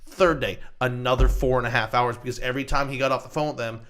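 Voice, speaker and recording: A man co-hosting a podcast, chatting casually and profanely, acting out phone calls with loud bursts. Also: medium pitch, fairly even intonation, fast talker. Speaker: podcast co-host. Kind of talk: casual chat.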